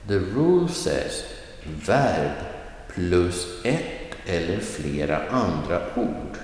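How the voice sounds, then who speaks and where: A Swedish man teaching a language lesson, slowly modeling phrases with clear stress. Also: low voice, sing-song, a little hiss or hum. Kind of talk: recorded video lesson. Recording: echoey room with long reverb.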